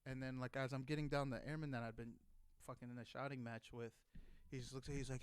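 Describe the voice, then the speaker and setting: A man's voice: medium pitch, steady tone, fast talker, clean tone, no room sound. A man in his thirties, a former Marine, telling a casual, profane story and acting out heated quotes. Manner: swears constantly, acts out shouted quotes.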